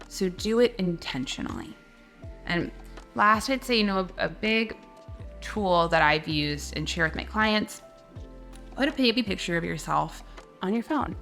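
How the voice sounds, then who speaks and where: A woman spiritual coach giving a gentle guided teaching talk, speaking softly and slowly with soothing, repeated phrases. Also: mid-range voice, gravelly, faint music behind.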